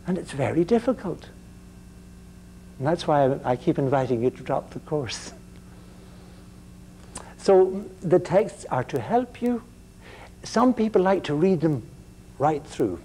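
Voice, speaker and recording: An older man lecturing to a class, his voice mellow and dark, stumbling over and repeating words as he goes. He mixes dry jokes into the talk. A faint hum runs underneath the recording. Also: on the high side, expressive. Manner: halting, repeats words, wry humor. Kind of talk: university lecture.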